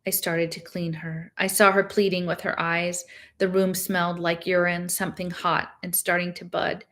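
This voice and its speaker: A woman with a somewhat low voice reading a novel aloud. Her first-person narration is steady and plain, carrying the story along without fuss. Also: normal speed. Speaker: reader.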